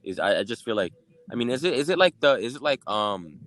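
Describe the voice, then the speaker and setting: A young man co-hosting a podcast, talking casually in halting stop-start phrases. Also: mid-range voice, sing-song, a bit bright. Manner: halting, stumbles and restarts. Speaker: podcast co-host. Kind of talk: casual chat.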